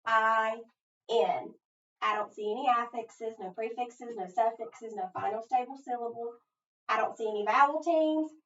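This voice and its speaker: A woman teacher giving a phonics lesson, thinking aloud step by step and pausing so listeners can finish her sentences. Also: on the high side. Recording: echoey, distant, dull sound.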